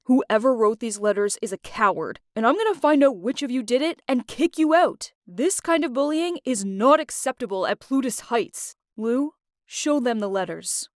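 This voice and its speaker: A woman's voice: on the high side, animated, a little slow, darkish tone, dry recording, clean studio sound. A woman voicing a stern, commanding young man. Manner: firm and commanding.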